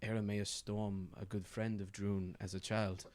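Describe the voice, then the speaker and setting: A man with a lowish voice runs a tabletop game as game master. He narrates the scene in loose, rambling descriptions, stopping often on fillers as he searches for the next word. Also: flat delivery, a little slow, heavy background noise.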